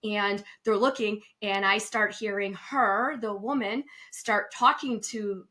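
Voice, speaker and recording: A middle-aged woman co-hosting a travel podcast, chatting casually and telling a lively personal story. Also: takes it slowly. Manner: lively storyteller, acts out quotes with big pitch jumps. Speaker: podcast co-host and travel advisor.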